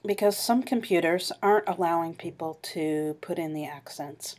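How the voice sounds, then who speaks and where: A woman's voice: fairly low pitch, normal speed, darkish tone. A woman teaching a French class online, patiently explaining grammar and modeling pronunciation. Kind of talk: online class review lecture.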